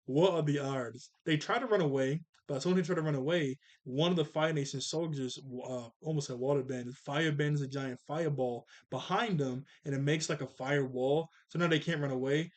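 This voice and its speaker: A man's voice: fairly high pitch, fairly quick, few pauses. A man hosting a casual cartoon episode review, rambling along with chuckles and self-corrections.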